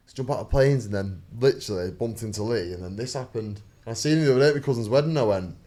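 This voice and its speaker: A man who fights bare-knuckle, talking in a casual interview, swearing freely and telling animated stories in which he acts out what people said. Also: medium pitch, quick pace.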